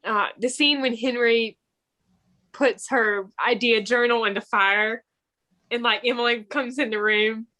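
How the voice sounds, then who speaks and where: A woman's voice: a little high, fairly even intonation, unhurried, sharp tone. A young adult woman co-hosting a podcast, eagerly retelling her favorite scenes from her notes. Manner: enthusiastic, reads notes. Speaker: podcast co-host. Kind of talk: casual movie recap chat.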